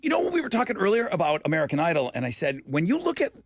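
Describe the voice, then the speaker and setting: Lively, teasing male radio host. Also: high voice, racing, husky, dry recording, clean studio sound. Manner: teasing, animated storyteller. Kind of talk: casual studio banter. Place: radio studio.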